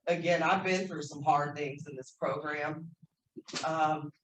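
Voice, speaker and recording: A woman's voice: low voice, steady tone, measured pace, a bit bright. A woman speaking candidly at a recovery convention workshop, emotional and self-deprecating, with some swearing. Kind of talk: personal recovery share. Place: convention meeting room. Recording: echoey room, faint noise.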